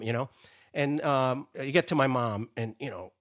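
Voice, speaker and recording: A man's voice: mid-range voice, fast talker. A middle-aged man from Rhode Island, telling stories as a guest in casual chat. He acts out the people in his stories and laughs often while he talks. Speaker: podcast guest. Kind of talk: casual storytelling.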